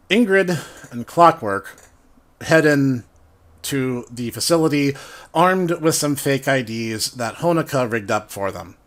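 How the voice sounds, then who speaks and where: A man's voice: medium pitch, fairly bright tone. A man who ran a tabletop game casually retells how the session went, rambling, laughing and correcting himself. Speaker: game master retelling a campaign. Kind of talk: casual storytelling.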